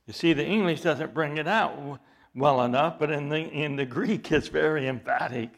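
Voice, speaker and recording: A man delivers an expository sermon, reading scripture aloud with dramatic emphasis and explaining it slowly and deliberately as his intensity builds. His voice is fairly high-pitched and creaky.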